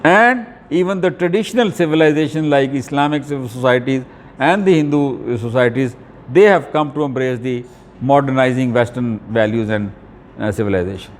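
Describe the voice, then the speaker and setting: A man giving an academic video lecture, talking deliberately with frequent fillers and restarts. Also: medium pitch, in a large hall, slight background noise.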